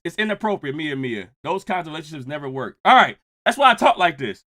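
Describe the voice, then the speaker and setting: A young man streaming casual reaction commentary and joking with his live chat. His delivery swings from loud outbursts to low mutters. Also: very animated, fast talker, hardly any pauses.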